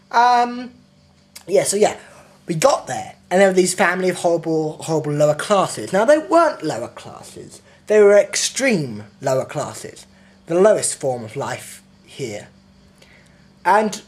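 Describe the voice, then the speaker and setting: Sweary, indignant young Englishman ranting. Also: on the high side. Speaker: vlogger. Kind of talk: ranting video diary.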